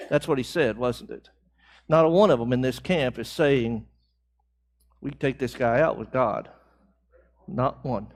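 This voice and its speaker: A man's voice: medium pitch, unhurried, long pauses. A man leading a church Bible class, talking conversationally, asking the class questions and building emphasis on key phrases. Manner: conversational, asks the class questions and answers back.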